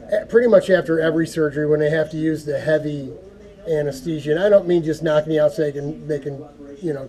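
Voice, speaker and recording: A man giving an earnest, folksy prayer talk to camera, halting and repeating words as he goes. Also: a little high, dark tone. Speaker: go-kart hobby vlogger.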